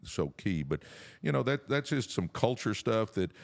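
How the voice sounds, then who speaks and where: A man's voice: fairly low pitch, very animated, moderate pace, creaky. A middle-aged man co-hosting a business podcast, talking in a folksy, earnest pep-talk way. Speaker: podcast co-host. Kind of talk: casual business podcast chat.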